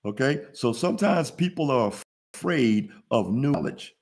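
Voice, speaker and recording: A man with an animated, mid-range voice, darkish and slightly rough, speaks at a moderate pace. He hosts a casual motivational webinar teaching business funding, preaching, laughing at his own jokes, and firing off lots of call-and-response questions.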